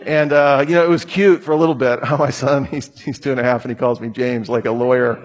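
A man's voice: mid-range voice, fairly even intonation, fairly quick. A man in his thirties preaching a conversational sermon, telling stories with humor. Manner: casual, storytelling with humor.

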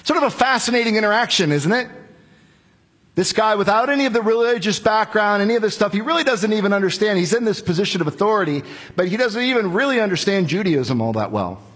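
A male preacher giving an expository sermon in a conversational, animated storytelling manner with rhetorical questions. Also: sits high, fast talker, husky, long reverb tail.

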